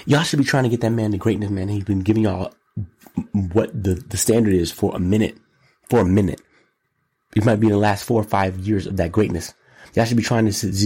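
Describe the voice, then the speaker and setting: A man hosting his own show delivers solo commentary with a low, gravelly voice that swings widely in pitch. His delivery is exclamatory and riffing, with words repeated in long runs. The tone is slightly husky throughout. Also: darkish tone. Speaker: show host. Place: Los Angeles.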